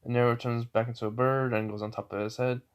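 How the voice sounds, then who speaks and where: A man's voice: medium pitch, level tone, fast, smooth. A man casually retelling a fan story, rambling with many fillers and self-corrections.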